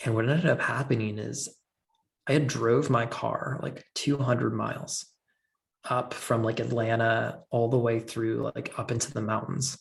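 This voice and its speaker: A man's voice: medium pitch, flat delivery, a little slow, gravelly. A man telling a personal story as a podcast guest, earnest and filling his talk with "like". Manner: earnest, heavy use of "like".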